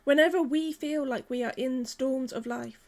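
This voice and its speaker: A woman, preaching a sermon in a gentle, measured, earnest way. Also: high-pitched.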